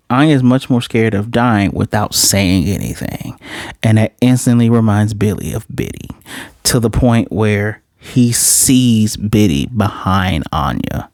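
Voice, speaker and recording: A man recapping an anime episode in a loose, excited way, jumping into quick voices for the characters and throwing in slang. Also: on the low side, dry recording, studio quality. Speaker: anime reviewer.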